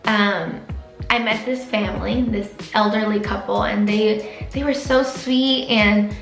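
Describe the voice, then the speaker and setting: A woman's voice: medium pitch, fairly even intonation, slow, roomy sound, faint music behind, poor audio. A young woman in her twenties, a veterinary student, talking to camera in a personal vlog; chatty and emotional, at times close to tears. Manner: emotional, openly tearful at times; chatty with many likes and restarts.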